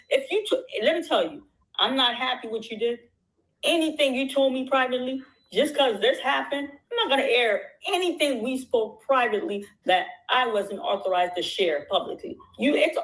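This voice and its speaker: A woman with a high, lively voice speaks at a moderate pace in a fairly bright tone, and the recording quality is low. She's out at dinner with supporters, talking in an impassioned, casual way, emphatic and rambling as she repeats phrases and restarts her sentences.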